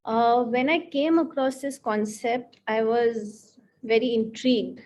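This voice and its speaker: Woman counselor running a teachers workshop, earnest and reflective, slightly high voice. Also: fairly even intonation, slow pace, a little mellow. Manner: earnest, reflective, lingers on key words. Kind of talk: workshop talk to participants.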